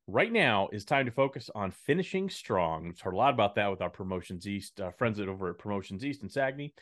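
A man's voice: lowish voice, very animated, fast talker, a bit bright. A man co-hosting a podcast in casual chat, playful and dryly sarcastic. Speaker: podcast co-host.

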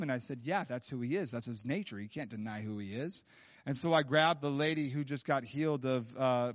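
A man preaching at a church, telling stories in a casual, animated way with many fillers. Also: fairly high pitch. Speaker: guest preacher. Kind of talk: storytelling sermon. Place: church hall. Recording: dull lo-fi sound.

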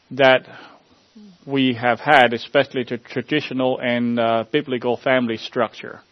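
A man preaching as a pastor, praying and then giving a sermon in an earnest, halting way with repeated words and fillers. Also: medium pitch, no echo, muffled recording. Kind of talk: sermon with opening prayer.

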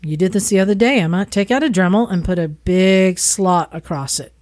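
A woman's voice: lowish voice, fairly quick, a little mellow, no echo, studio quality. Practical woman giving advice. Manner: practical, advising step by step. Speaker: podcast co-host. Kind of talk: casual chat.

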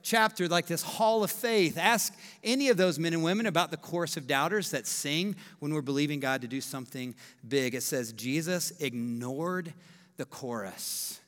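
A man in his thirties, a pastor preaching a sermon with emphatic, animated delivery and acted-out quotes. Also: fairly high pitch, normal speed. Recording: echoey hall reverb.

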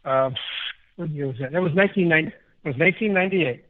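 Older man from Chicago, interview guest; slightly raised pitch, rambling anecdotes, heard through a thin phone-style line. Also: fast, phone-quality sound. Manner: animated, rambling anecdotes with many restarts. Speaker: guest musician. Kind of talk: casual interview storytelling.

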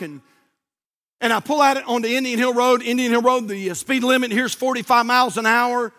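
Preacher, male, folksy and animated, highish bright tone, storytelling sermon. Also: brisk. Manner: folksy, animated, says "man" often. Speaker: pastor.

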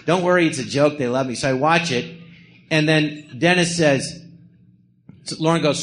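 A man's voice: a little high, normal speed, long pauses, fairly bright tone, slight background noise. Rambling middle-aged man telling stories. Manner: rambling anecdotes with quoted voices and laughs. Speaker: podcast host telling stories. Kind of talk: live podcast storytelling. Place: theatre stage before an audience.

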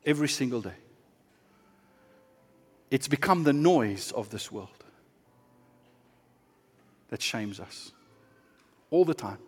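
A man preaching a sermon as pastor, earnest and shifting between hushed and impassioned delivery. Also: medium pitch, lively intonation, slow, long pauses, slightly rough, in a large hall.

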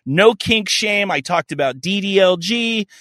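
A man's voice: high-pitched, a little slow, dry recording, studio quality. A man hosting a podcast, telling a story in casual comedic chat, swearing freely and acting out the other people in it. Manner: animated, profane, acts out quotes. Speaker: podcast host.

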